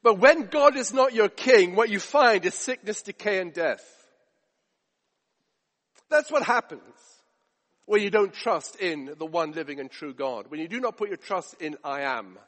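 A man's voice: sits high, animated, a little slow, a bit bright, big-room sound. A man preaching a sermon, emphatic with rhetorical questions and repetition.

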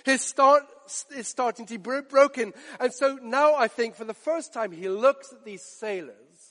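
A man preaching a sermon, dramatic, drawing out quoted lines slowly and softly for emphasis. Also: very high-pitched, in a large hall.

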